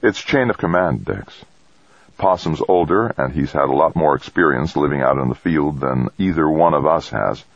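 A man's voice: extremely low pitch, moderate pace, creaky, dry recording, dull audio, heavily acted. A man voicing a firm male mission leader who gives orders in a controlled, commanding way.

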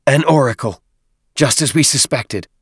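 A man doing a squeaky little alien deacon. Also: moderate pace, breathy edge, no room sound, studio quality, close to an everyday voice. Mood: reporting. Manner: squeaky, muffled over a comm unit.

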